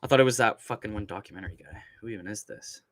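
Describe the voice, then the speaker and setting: A man's voice: lowish voice, very fast, no room sound. A young man hosting a casual livestream, ranting and rambling with constant swearing and laughter while reading chat. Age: young adult. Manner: profane, rambling rants with frequent laughter.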